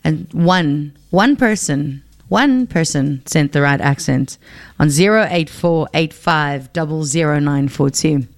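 A woman's voice: sits low, a little slow. A young South African woman presenting on radio, chatty and playful, teasing her listeners from a studio microphone.

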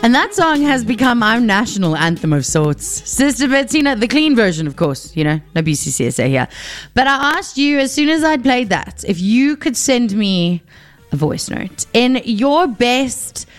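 A woman's voice: a little high, big pitch swings, normal speed, soft background music. A young South African woman presenting on radio, chatty and playful, teasing her listeners from a studio microphone.

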